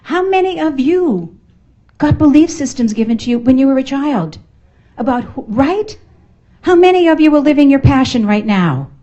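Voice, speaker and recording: A woman's voice: high voice, big pitch swings, moderate pace, warm tone, dull audio. A middle-aged woman with a Boston accent giving an emphatic, playful motivational talk to a live audience at a networking event. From United States. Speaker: motivational speaker. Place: function room at a networking event.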